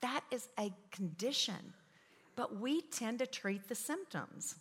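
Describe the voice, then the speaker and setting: A woman in her fifties, teaching a parenting class, gives a Christian parenting talk to parents, chatty and full of stories with self-mocking asides. Her fairly high voice is husky and a bit bright, with lively intonation and a slow pace. The room is an echoey hall with long reverb.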